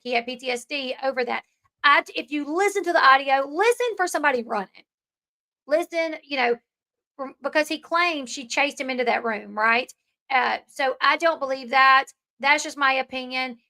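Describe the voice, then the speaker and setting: A woman's voice: high-pitched, pushed and bright. A woman hosting an opinionated commentary channel, chatty and rambling with many fillers.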